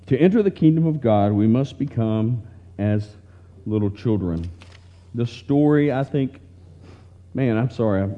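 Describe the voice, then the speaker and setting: A man preaching, reading a heartfelt story aloud in a tender, earnest way, recorded in dull lo-fi sound. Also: lowish voice.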